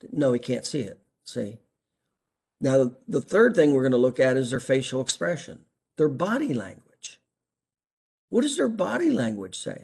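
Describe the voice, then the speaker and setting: Emphatic male practice coach, slightly husky, drilling a point home. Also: medium pitch, darkish tone. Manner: emphatic, asks rhetorical questions. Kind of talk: training session critique.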